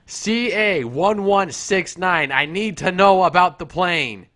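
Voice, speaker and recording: A man's voice: sits high, slow pace, fairly bright tone. A man playing an insistent air traffic controller who repeats formal radio call signs in an improvised comedy bit. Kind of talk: improvised comedy role-play over radio chatter.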